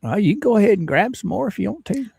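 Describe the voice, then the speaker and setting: A man's voice: sits high, sing-song, very fast, creaky, dark tone, slightly rough, no room sound, studio quality. A man hosting a livestream, chatting casually and greeting viewers one by one by name in a folksy way. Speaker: livestream host.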